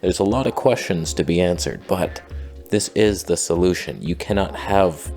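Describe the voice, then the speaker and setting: Deadpan sarcastic man, low voice. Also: normal speed, soft background music. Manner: mock-earnest sarcasm. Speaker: satirical commentator. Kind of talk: deadpan satirical monologue.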